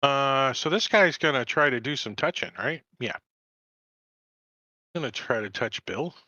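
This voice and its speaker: A man running a tabletop game as game master, animated and jokey. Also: medium pitch, unhurried, dry recording, highs cut off.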